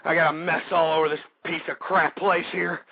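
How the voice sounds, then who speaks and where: A man hosting a talk radio show, delivering an angry ranting monologue that swings between yelling and low muttering. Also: flat delivery, fairly quick, creaky, slightly rough, no echo. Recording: dry, tinny phone-like internet radio audio.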